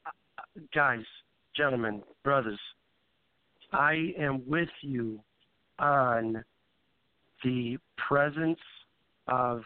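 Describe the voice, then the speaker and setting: A man who is a pastor, speaking in a measured way and holding firm when interrupted. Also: mid-range voice, clean tone, no echo. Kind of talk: panel discussion. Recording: phone-like narrow sound.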